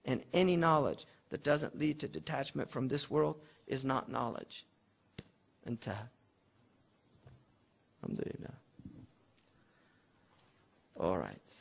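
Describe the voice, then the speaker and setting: A man's voice: medium pitch, animated, measured pace, gravelly, pauses often. A man teaching logic as an Islamic scholar, explaining a classical text in a conversational classroom lecture and mixing Arabic terms into his explanations.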